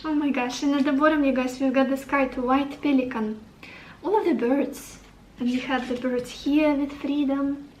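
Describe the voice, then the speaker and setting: A woman's voice: sits high, steady tone, normal speed, a little mellow, reverberant, far from the mic, slight background noise, low-quality recording. A woman giving a tarot reading to the camera, upbeat and encouraging, thinking aloud as she turns over cards. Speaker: tarot reader.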